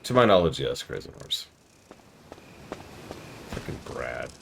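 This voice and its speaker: A man's voice: a bass voice, big pitch swings, slow, gravelly, fairly bright tone, slight background noise. A man casually commenting on a game during a live stream, with sarcastic joking asides.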